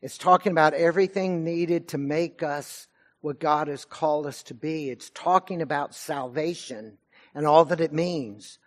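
A man preaching a sermon, his delivery swelling to loud passages and sinking to quiet ones. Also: on the high side, moderate pace. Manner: preaching with rising and falling intensity. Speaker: pastor.

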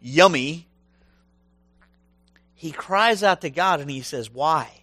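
A man preaching a sermon, animated and humorous, acting out voices from the stories he tells. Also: a little high, takes it slowly, no echo. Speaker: pastor.

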